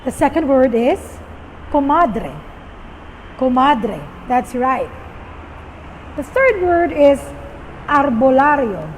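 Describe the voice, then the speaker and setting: A high-pitched woman gives a patient vocabulary lesson and repeats each word for listeners to echo. Her voice has a long reverb tail, with faint vehicle noise behind it. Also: lively intonation, slow pace. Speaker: storytelling teacher. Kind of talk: teaching vocabulary to viewers.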